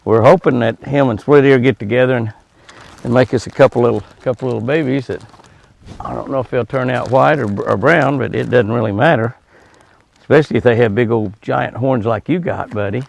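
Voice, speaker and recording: A man's voice: medium pitch, brisk, vocal fry. A man hosting a ranch show outdoors, chatting in a folksy way and coaxing animals with a lifted, sing-song call. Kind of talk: casual outdoor show narration.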